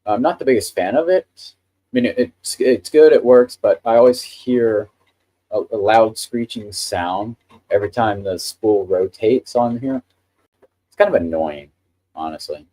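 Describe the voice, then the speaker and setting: Low mellow-voiced man hosting a live stream. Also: unhurried. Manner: chatty, enthusiastic about 3D printing. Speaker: livestream host. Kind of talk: casual live stream chat.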